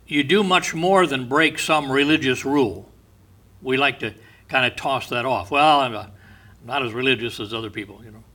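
A man preaching a sermon in a bright, forward voice. He tells stories at an easy pace and often sinks into quiet, low asides before lifting again. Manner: unhurried storyteller, often dropping to a soft, low voice. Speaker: pastor.

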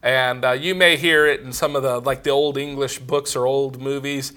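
A man's voice: medium pitch, steady tone, moderate pace, bright, forceful tone. A man giving a casual theology lecture, wandering into asides and often saying "you know".

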